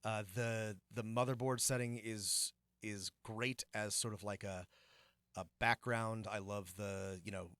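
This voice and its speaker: A man's voice: on the low side, fairly even intonation, unhurried, a bit bright, smooth, no room sound, clean studio sound. A man co-hosting a tabletop gaming podcast, talking in a rambling way with lots of fillers and restarts. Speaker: podcast co-host and game master. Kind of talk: casual podcast chat.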